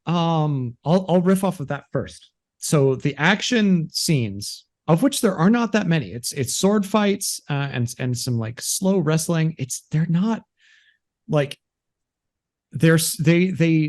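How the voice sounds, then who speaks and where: Rambling, animated male podcast co-host. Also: fairly high pitch, slow pace. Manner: rambling, animated, acts out movie lines. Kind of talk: casual chat.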